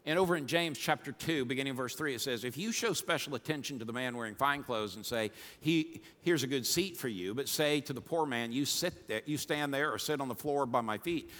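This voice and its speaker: A man preaching a sermon as pastor, fired up and swinging between quiet asides and shouting. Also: medium pitch. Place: church sanctuary. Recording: long hall reverb.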